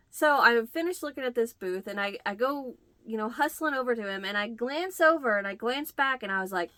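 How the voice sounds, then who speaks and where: A woman's voice: fairly high pitch, animated, brisk, few pauses, fairly bright tone, no echo. A middle-aged woman hosting a crochet channel, chatting to the camera and telling a story, acting out the quoted lines. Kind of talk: casual chat to camera.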